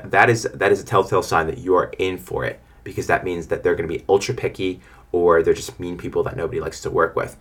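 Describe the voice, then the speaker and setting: Young male business owner, low-pitched, quick, frank and rambling. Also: steady tone, a bit bright. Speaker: lawn care business owner. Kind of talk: casual advice monologue.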